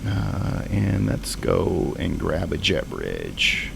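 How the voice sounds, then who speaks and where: A man's voice: sits low, wildly swooping pitch, very slow, creaky, noisy background. A man streaming a flight simulator, thinking aloud in casual, rambling commentary.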